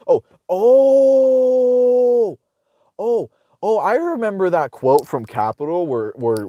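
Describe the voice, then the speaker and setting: A man's voice: medium pitch, warm tone, dry recording. A man hosting casual political commentary, ranting sarcastically with profanity, rambling and restarting his sentences.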